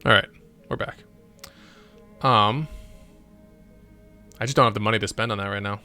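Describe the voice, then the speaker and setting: A man's voice: on the low side, moderate pace, pushed and bright, soft background music. A man thinking aloud and muttering as he streams a strategy game. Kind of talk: casual gameplay commentary.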